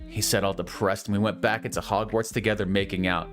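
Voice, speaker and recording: A man's voice: fairly low pitch, steady tone, quick pace, a bit bright, faint music behind. A man giving a comedic dramatic reading of a bad story, with incredulous, mocking asides. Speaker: reader.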